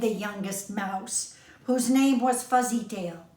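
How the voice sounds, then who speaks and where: Older lady reading a kids' story, gentle and really slow, echoey room. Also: medium pitch. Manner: gentle, expressive read-aloud.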